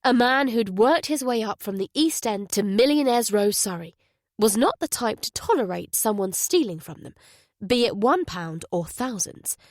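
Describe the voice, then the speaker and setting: A woman narrating a thriller audiobook in a measured, even way. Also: a little high, no echo, studio quality. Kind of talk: scripted narration.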